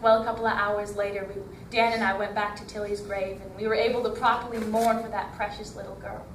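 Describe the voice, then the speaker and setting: A woman's voice: medium pitch, level tone, brisk, a little hiss or hum. A woman performing a dramatic first-person story, with emotional, theatrical narration. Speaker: storytelling competitor. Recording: echoey hall from far off.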